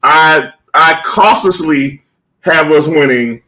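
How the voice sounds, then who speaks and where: A man co-hosting a sports podcast, playful and quick to laugh in casual chat. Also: fairly high pitch, crowd noise, poor audio. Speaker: podcast co-host.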